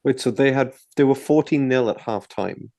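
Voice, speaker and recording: A man's voice: medium pitch, moderate pace, mellow, dry recording, studio quality. A man, asking curious questions and chatting in an amused way on a rugby podcast. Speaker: podcast co-host. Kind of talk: casual sports chat.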